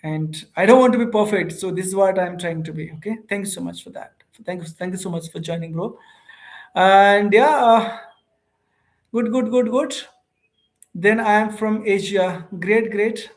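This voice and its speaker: A man with an Indian accent hosting a casual livestream, reading viewer comments aloud and talking to viewers informally in halting speech full of fillers and restarts. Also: high voice. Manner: hesitant, many fillers and restarts; informal, calls viewers bro and ma'am. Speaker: host of an English practice livestream.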